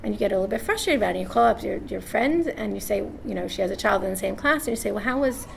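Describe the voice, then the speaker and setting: At a live parenting seminar, a woman tells anecdotes to an audience, acting out voices and often checking in with "right?" as an animated storyteller. Her voice is medium-pitched with vocal fry, and she talks very fast. Slight background noise is audible.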